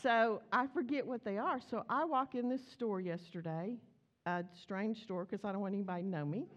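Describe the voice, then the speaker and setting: Her sermon in church is chatty and story-driven, and she animates it by acting out the dialogue. She speaks at a moderate pace with a medium-pitched voice, and the audio sounds dull.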